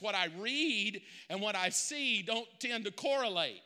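Middle-aged male preacher, high clear voice, raw confessional intensity, church sanctuary echo. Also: animated, a little slow, hardly any pauses, pushed and bright. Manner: emotional, confessional preaching that builds to impassioned peaks. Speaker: pastor. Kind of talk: sermon.

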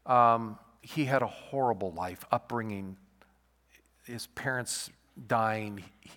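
Halting preacher in an echoing hall. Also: male voice, lowish voice. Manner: halting, repeats words, rises to loud emphatic peaks. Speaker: pastor. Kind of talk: sermon. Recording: long hall reverb.

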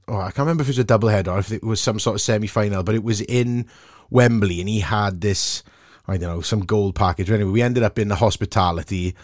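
A Welsh man telling a cheeky anecdote in a casual chat, animated and chatty. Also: fairly low pitch, no echo, clean studio sound. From Wales.

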